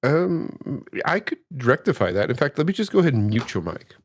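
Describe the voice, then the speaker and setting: A man's voice: mid-range voice, big pitch swings, fairly quick. A man playing a smug, bossy male demon who owns and produces a comedy podcast.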